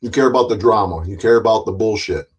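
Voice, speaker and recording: A man's voice: lowish voice, fast, husky. A man streaming an angry ranting monologue, blunt and full of swearing, repeating himself with frequent restarts and mocking other people's voices.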